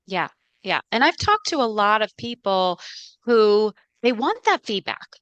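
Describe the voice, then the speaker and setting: A woman's voice: medium pitch, very animated, measured pace, fairly bright tone, no room sound, lo-fi sound. A woman leadership coach, a podcast guest, talking earnestly and emphatically in a casual interview.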